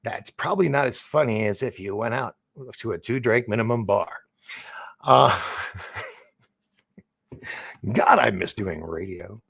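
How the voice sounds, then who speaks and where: A man's voice: on the low side, lively intonation, measured pace, gravelly, long pauses, a bit bright, breathy edge. A man hosting a livestream in a loose, rambling, chatty way, often laughing as he reads the chat. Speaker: livestream host. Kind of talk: casual livestream chat, reading the chat.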